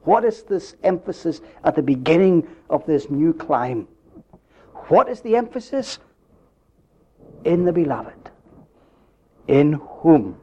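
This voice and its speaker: A man preaching a sermon, building up to emphatic questions and dropping his voice low at the end of phrases. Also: lively intonation, unhurried, warm tone, breathy edge. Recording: dull lo-fi recording.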